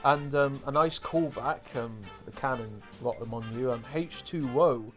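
An English man co-hosting a podcast, recapping a cartoon episode in a loose, chatty way. He laughs often and leans on fillers, at a middling pitch. Faint music sits underneath. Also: moderate pace, a bit bright. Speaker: podcast co-host.

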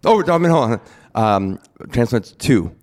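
A man's voice: medium pitch, big pitch swings, a little slow, darkish tone. A man in his forties telling a personal story in a plain-spoken, rambling way during a casual chat. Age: 40s.

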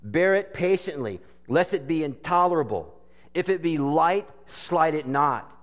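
A man's voice: fairly high pitch, lively intonation, unhurried, in a large hall. A man preaching a sermon with earnest, emphatic phrasing and stretched words. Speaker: pastor.

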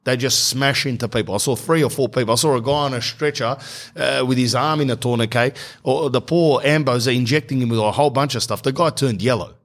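A man's voice: medium pitch, brisk. An Australian man telling a rambling, slangy comedic anecdote that keeps drifting off track.

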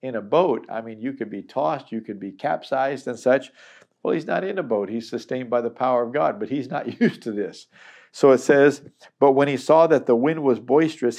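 A man's voice: mid-range voice, darkish tone. A middle-aged man teaching a Bible chapter in a conversational, earnest way, acting out the people he quotes.

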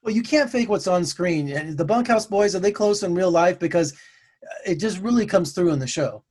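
High-voiced male interviewer. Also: expressive, moderate pace, darkish tone, breathy edge. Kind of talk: entertainment interview questions.

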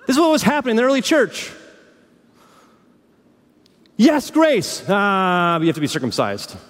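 Male pastor, high voice, dramatic sermon delivery, church hall reverb. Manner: dramatic swings between hushed lows and fiery peaks.

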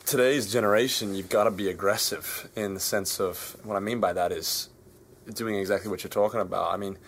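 An Australian man presses his points urgently in a backstage interview, circling back to repeat them. His voice is low, with a faint background hum. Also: steady tone, brisk, fairly bright tone. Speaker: musician guest. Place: backstage at a concert venue.

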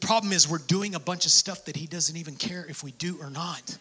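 High, bright-voiced man preaching. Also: brisk, breathy edge. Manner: swings from hushed whispers to shouted passion; acts out prayers and quotes in dialogue. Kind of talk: sermon.

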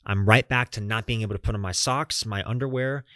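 Young man, podcast host, lower voice, earnest personal storytelling, dry booth sound. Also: fairly quick, fairly bright tone, no room sound. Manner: earnest, talks straight to listeners as "guys"; swears casually.

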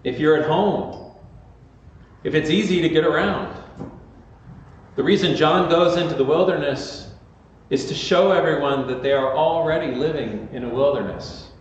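A man's voice: a little high, normal speed, long pauses, slight background noise. A man preaching a sermon as pastor, talking conversationally with fillers and restarts. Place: large echoey church sanctuary. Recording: echoey muffled church recording from far off.

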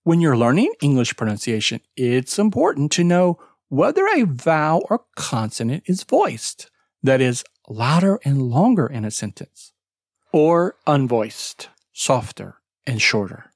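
A pronunciation teacher hosting a podcast lesson, taking each point slowly and deliberately. The voice swoops up and down with lively intonation, and stressed words are leaned on hard. The recording is dry and close, with almost no room sound. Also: mid-range voice, no room sound. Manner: slow, deliberate explaining with emphatic word stress; spells out web addresses letter by letter.

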